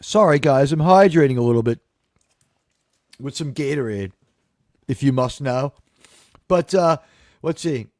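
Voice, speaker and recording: A man's voice: mid-range voice, expressive, a little slow, pauses often, a little mellow, no room sound, studio quality. A man hosting a live talk show, rambling through casual, sarcastic, profane commentary.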